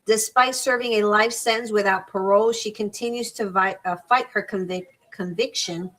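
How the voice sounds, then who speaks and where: A woman's voice: mid-range voice, steady tone, moderate pace, a bit bright, low-quality recording. Middle-aged lady chatting while she crafts, rambly, keeps restarting her words. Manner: reads crafting measurements aloud. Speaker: host of a crafting live stream. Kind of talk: casual chat while crafting.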